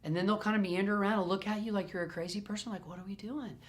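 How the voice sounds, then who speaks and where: A man who trains dogs, answering questions in a recorded group session in an animated, playful way and repeating phrases for emphasis. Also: sits high, very fast. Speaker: dog trainer. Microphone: self-recorded camera.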